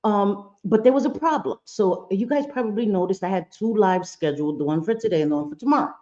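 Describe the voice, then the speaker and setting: A chatty woman hosts a casual livestream from her room at home, greeting viewers by name, swearing freely and laughing between sentences. Her voice sits at a middle pitch and comes through a computer mic, and the stream audio sounds a little dull and lo-fi. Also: fast, warm tone. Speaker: livestream host. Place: home room with bright lights.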